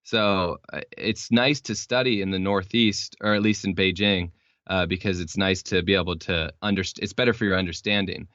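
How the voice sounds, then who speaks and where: Speaking in casual interview chat, a young man from Texas, United States, appears as a podcast guest and explains things in a loose, rambling manner with many fillers and restarts. His low voice is a bit bright, with fairly even intonation and a moderate pace. The recording is dry, with a dull lo-fi sound.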